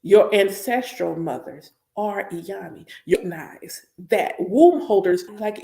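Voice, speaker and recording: In an echoey room, a woman with a fairly low voice preaches with animation and emphasis, repeating points to stress them. She's a spiritual teacher reacting on a live stream, her talk casual yet preachy.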